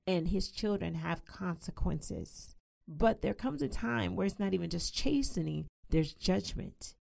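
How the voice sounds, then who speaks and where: Gravelly woman preaching a devotional. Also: medium pitch, a little mellow. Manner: reads scripture aloud quickly, then explains in plain talk. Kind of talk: devotional teaching.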